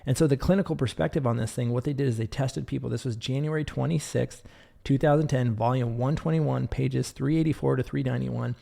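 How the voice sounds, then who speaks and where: A man's voice: mid-range voice, steady tone, fairly quick, gravelly, warm tone. A man hosting a podcast as a doctor, giving a blunt, scolding motivational monologue and repeating phrases for emphasis.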